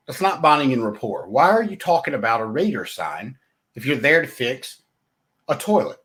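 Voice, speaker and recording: A man hosting a podcast, giving blunt sales coaching in a conversational way and often checking in with "right?". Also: fairly high pitch. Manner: talks straight to the listener, blunt. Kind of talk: solo motivational sales talk.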